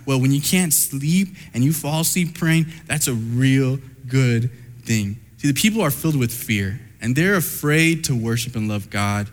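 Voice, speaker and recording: A man preaching a sermon who retells a Bible story in an animated way and speaks directly to his listeners. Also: mid-range voice, measured pace, big-room sound.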